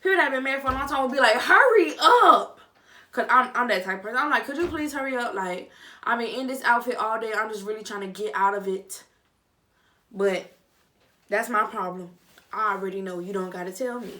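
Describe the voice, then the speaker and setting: A young woman vlogger giving a casual, chatty review, with animated, dramatic reactions. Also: medium pitch, fast talker, far from the mic. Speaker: vlogger reviewing a reality show. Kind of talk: casual chat.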